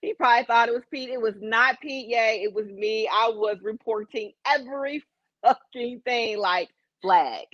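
A woman's voice: a little high, fairly even intonation, moderate pace, fairly bright tone, highs cut off, slight background noise. A woman from Chicago co-hosting a casual chat, candid and profane, laughing through her stories. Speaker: podcast co-host.

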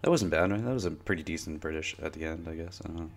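A man co-hosting a casual podcast, relaxed and jokey, often giving short agreeing replies. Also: very deep voice, quick pace. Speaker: podcast co-host. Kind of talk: casual chat.

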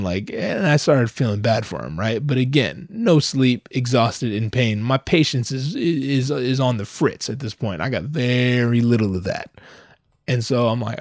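A man doing stand-up storytelling in a profane, animated way, jumping his voice up to act out what people said. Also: medium pitch, normal speed, no room sound, studio quality. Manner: profane, animated, acts out quotes in raised voice. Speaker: comedian.

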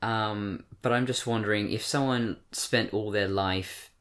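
A man's voice: lowish voice, fairly even intonation, a little slow, a bit bright. An English-accented man in his twenties holds a casual chat. He rambles, stops to correct himself and fills gaps with ums. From born in Britain, raised in Australia. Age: 20s. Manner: rambling, self-correcting, frequent fillers. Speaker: podcast co-host. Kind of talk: casual discussion.

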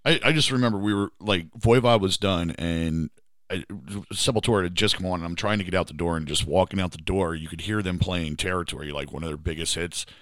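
A man hosting a podcast, telling a relaxed anecdote in casual chat. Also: low voice, a little fast, no room sound, studio quality. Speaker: podcast host.

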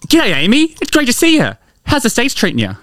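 A man reading a teasing young man's part in a comedy skit, putting on forced high cackles. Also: wildly swooping pitch, fairly quick, sharp tone, heavily acted. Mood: mocking. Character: jokey young man Noah teasing a friend.

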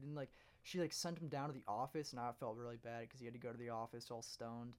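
A young man in a relaxed chat, spinning a story with lots of swearing and bursts of laughter. His voice sits at an ordinary middle pitch and he speaks loosely and casually. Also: quick pace.

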